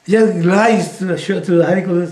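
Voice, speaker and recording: A man with a high voice gives a relaxed teaching talk. He rambles, fills gaps with "you know" and chuckles between points. The room around him rings with echo. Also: brisk. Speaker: spiritual teacher. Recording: roomy echo.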